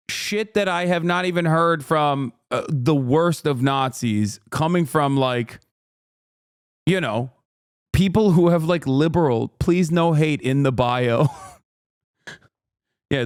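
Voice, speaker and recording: A man's voice: on the high side, takes it slowly, clear, resonant tone, no echo, clean studio sound. A man streaming, ranting with heated, profane sarcasm while reacting to a clip.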